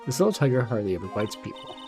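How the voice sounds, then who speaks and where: A man's voice: on the low side, big pitch swings, rapid-fire, over music. A man reading game dialogue aloud as a sweet, teasing young woman who tames animals. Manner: teasing, sing-song.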